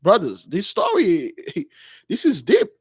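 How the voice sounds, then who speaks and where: A man retelling a sacred tale in a casual, repetitive, halting way, full of slang and restarts. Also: high-pitched, huge pitch swings, slightly rough, dry recording, studio quality. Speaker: religious storyteller.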